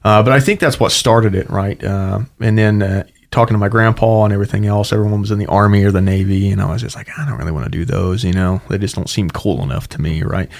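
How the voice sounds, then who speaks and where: A man's voice: lowish voice, fairly even intonation, fast, vocal fry, few pauses. A young man from Ohio, a Marine guest telling his story casually, full of "you know" and "right.". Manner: chatty, many fillers like "you know, right".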